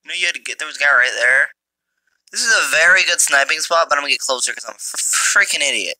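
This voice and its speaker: Excitable jokey gamer man, very lively. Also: a little high, a little fast, dry recording. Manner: excitable, jokey, taunts enemies. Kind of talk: mobile gameplay commentary. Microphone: phone's built-in mic.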